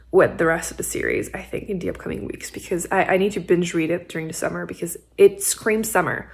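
Chatty young woman with a gravelly voice. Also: mid-range voice. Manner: chatty, rambling, full of "like" and small laughs. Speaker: book vlogger. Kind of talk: casual chat. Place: at home on a couch.

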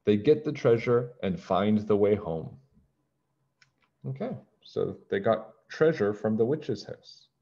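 Male teacher reading aloud to children, deep and lively, lo-fi. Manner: slow, clear and expressive for children. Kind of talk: children's storybook read-aloud. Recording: dull lo-fi recording.

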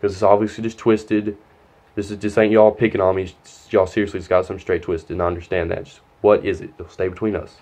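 A man's voice: sits low, flat delivery, fast talker, a little mellow. A young man telling a long, rambling, profane story from his school days, quoting others as he goes. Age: young adult. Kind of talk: casual storytime vlog.

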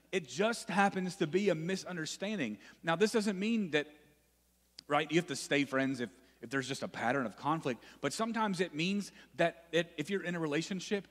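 A male youth pastor preaching to students in a conversational way, often repeating himself and checking in with "right?". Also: on the high side. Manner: conversational, repeats phrases, frequent "right?" asides. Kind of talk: sermon to students. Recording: long reverb in a hall.

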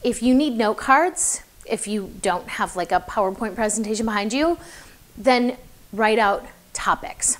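A young woman coaching public speaking in a chatty, encouraging way, with lots of fillers. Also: mid-range voice. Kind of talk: casual advice video to camera.

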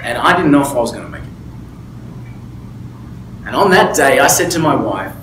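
A man with a mid-range, slightly bright voice, very animated and at normal speed, gives a motivational talk as a business mentor to a small group at a table. He's emphatic and candid, sharing personal stories and often asking "right?". The low-quality recording has room echo and a little hiss or hum.

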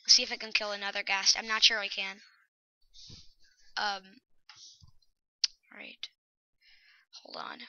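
A woman giving excitable, anxious gameplay commentary, often dropping to a whisper. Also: mid-range voice, unhurried, long pauses, no room sound, highs cut off. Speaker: let's play host.

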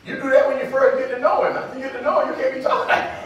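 An older man preaching a sermon as pastor, in a folksy call-and-response way that breaks into shouts. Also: very high-pitched, animated, very fast, lo-fi sound, a crowd in the background. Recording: echoey hall from far off.

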